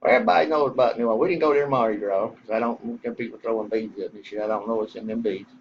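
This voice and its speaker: A man's voice: fairly low pitch, racing, a little hiss or hum. Middle-aged Texan man, casual folksy storyteller, slightly muffled recording. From Southern US. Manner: rambling, folksy, swears casually. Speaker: vlogger telling a story.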